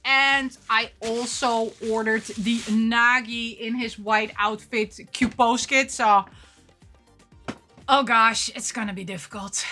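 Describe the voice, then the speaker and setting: A woman vlogger chatting casually while unboxing figures, excitable and gushing, often gasping and laughing. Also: fairly high pitch, slow pace, soft background music. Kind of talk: casual chat.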